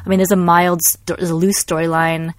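A young woman co-hosting a casual podcast chat, an animated storyteller who acts out quotes and laughs often. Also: on the low side, a little fast, dry recording. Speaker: podcast co-host.

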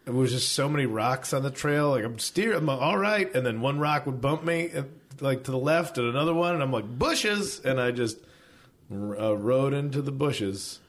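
A man's voice: medium pitch, fairly quick. A man co-hosting a podcast in casual chat, laid-back and jokey, acting out his own quotes. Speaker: podcast co-host.

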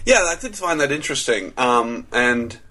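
A man's voice: medium pitch, very animated, moderate pace, sharp tone. A man co-hosting a casual movie review chat, thinking aloud and swearing as he picks apart the film's logic. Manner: rambling, profane, thinks aloud with restarts.

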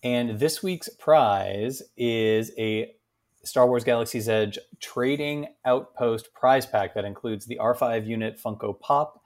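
A man co-hosting a relaxed podcast, running through entertainment updates. He keeps the tone playful and teasing. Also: medium pitch, slow. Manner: playful, jokey news delivery. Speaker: podcast co-host. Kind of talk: casual chat.

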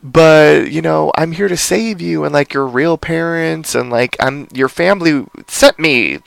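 A man's voice: on the high side, measured pace, creaky, fairly bright tone, no echo, voice pushed up, exaggerated voice. A man casually paraphrasing an evil queen who pleads for help. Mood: coaxing.

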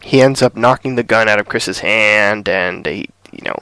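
A man's voice: on the low side, normal speed, clean tone, no echo. A man co-hosting a casual podcast, retelling a TV episode and acting out the characters' lines. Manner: animated retelling, acting out dialogue. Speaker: podcast co-host. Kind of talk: casual recap chat.

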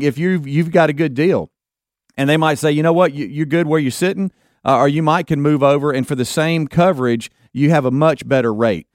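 A man's voice: on the high side, dry recording, studio quality. A middle-aged man hosting a casual talk radio show, rambling with lots of fillers and restarts.

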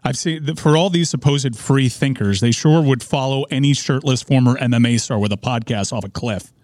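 A man's voice: mid-range voice, a little fast, a little mellow, no echo, studio quality. A man co-hosting a talk radio show, giving sardonic, pointed commentary in casual banter.

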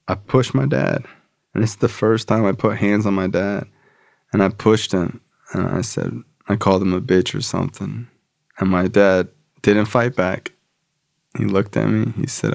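A man's voice: fairly low pitch, fairly even intonation, moderate pace, vocal fry, darkish tone, no room sound, clean studio sound. A man sharing his recovery story in profane, casual, slangy talk. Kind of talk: personal storytelling.

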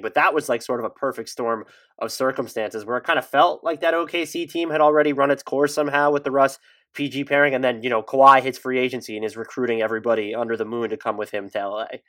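A man talks through ideas on a casual sports podcast, thoughtful and hedging. His voice sits at an ordinary middle pitch. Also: fairly even intonation, quick pace, a bit bright. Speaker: podcast co-host. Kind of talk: casual basketball podcast chat.

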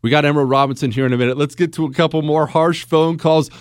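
A man hosting a call-in radio talk show, animated and sarcastic, laughing often. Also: on the high side, fast, clear, resonant tone, dry recording, studio quality.

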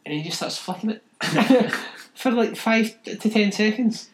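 A man's voice: high voice, lively intonation, measured pace, a little hiss or hum. A man, a podcast co-host, talking in casual chat, sweary and mocking, laughing often.

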